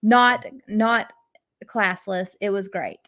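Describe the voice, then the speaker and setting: A woman's voice: mid-range voice, slow pace, a bit bright, dry recording. Woman podcast co-host, casual and enthusiastic, dry close mic. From Texas. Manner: chatty, laughs often, recaps with enthusiasm. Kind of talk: casual chat.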